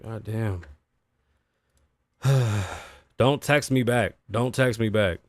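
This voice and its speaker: In studio-quality sound with no room noise, a man speaks very slowly in a lowish voice on his own livestream podcast. Swearing frequently in a worn, shot voice, he talks loosely to chat and to himself.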